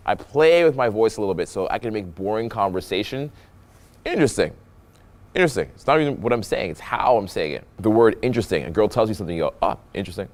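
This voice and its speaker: A young man from Canada, a dating coach, talking through pickup clips with a playful, animated voice that drops low for effect. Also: quick pace, few pauses. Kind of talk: voice-over breakdown of pickup clips.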